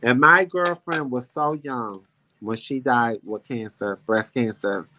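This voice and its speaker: A man's voice: medium pitch, takes it slowly, pushed and bright. A man hosting a casual talk show, telling a personal story in a heartfelt, rambling, emphatic way. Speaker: show host.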